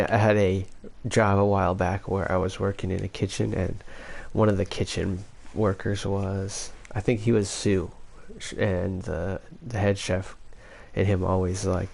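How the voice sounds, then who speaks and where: A man's voice: low-pitched, level tone, a little slow, creaky, a little mellow. A man casually telling a rambling story and often breaking off mid-sentence. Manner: rambling, self-interrupting storyteller. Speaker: vlogger.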